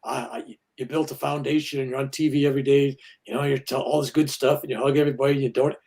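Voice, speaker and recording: A man's voice: medium pitch, level tone, fast, vocal fry, darkish tone. An older man, a minister and guest, talking earnestly about spirituality and acting out quoted voices as he tells stories. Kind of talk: spiritual interview talk.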